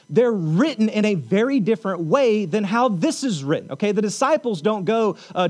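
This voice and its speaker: A man with a notably high voice preaching in a church. His delivery is loose and conversational, with frequent check-ins to the congregation and playful joking asides. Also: darkish tone. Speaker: pastor. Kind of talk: sermon.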